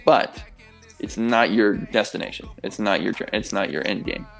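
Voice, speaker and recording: A man's voice: on the low side, normal speed, gravelly, soft background music. A young man as a guest on a radio interview show, talking with passion and emphasis and swearing freely. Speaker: guest, pro athlete and coach.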